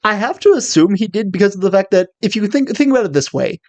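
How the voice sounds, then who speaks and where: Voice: medium pitch, sing-song, fast talker, a little mellow, no echo. A young adult in casual chat about a cartoon series, rambling and good-humored, often recalling growing up with it. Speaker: co-host discussing a cartoon series.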